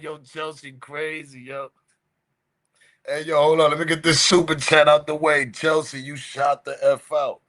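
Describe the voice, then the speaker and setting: A man hosting a livestream, reacting to viewer chat with constant bursts of laughter and loud repeated exclamations. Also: fairly high pitch, little pitch movement, measured pace. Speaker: livestream host.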